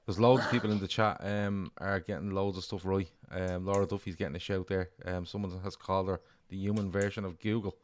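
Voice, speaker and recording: Deep-voiced and level in tone, a man acts as quiz host on a casual football quiz podcast. Briskly, he reads the questions, runs through them, and marks each answer right or wrong.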